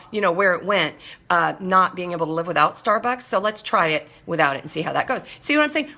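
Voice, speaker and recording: A woman hosting a live motivational chat, reading out viewer comments and answering them emphatically, jumping up high on her punchlines. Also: sharp tone. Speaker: host of a live call-in show.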